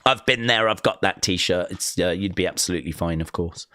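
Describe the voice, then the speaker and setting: A man's voice: deep voice, fairly quick, bright, forceful tone, no room sound. A man hosting a wrestling live stream, chatting casually and rambling through fond memories with plenty of fillers. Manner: rambling, reminiscing, with fillers and acted-out quotes.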